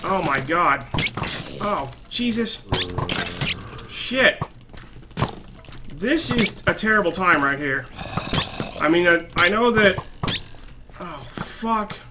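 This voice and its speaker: A man giving gameplay commentary, swearing a lot and flaring into loud frustrated outbursts. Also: sits high, lively intonation, takes it slowly, pauses often, heavy background noise. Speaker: let's play gamer.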